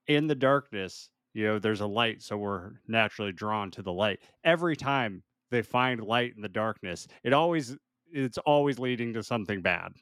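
A man's voice: lowish voice, expressive, normal speed, a bit bright, clean tone, no room sound, studio quality. A man co-hosting a podcast, casually recapping a movie scene by scene and laughing often. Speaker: podcast co-host. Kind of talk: casual chat.

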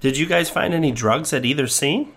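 A man's voice: on the high side, fairly quick, a bit bright, husky. A man voicing a blunt, sarcastic young woman investigator in his everyday voice.

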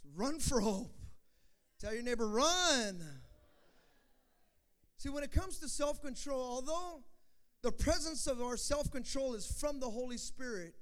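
A pastor preaching a sermon to his congregation, calling for responses and rising to shouts. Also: very high-pitched.

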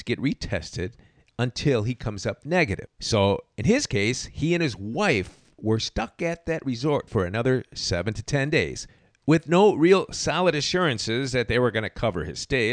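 A man's voice: medium pitch, no echo. A man hosting a podcast, telling stories in a wry, sarcastic monologue. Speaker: podcast host.

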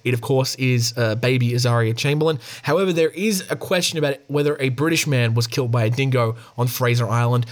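A man's voice: mid-range voice, a little fast, few pauses. An Australian man hosting a podcast, reading news stories aloud in a casual way and adding chatty asides. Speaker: podcast host.

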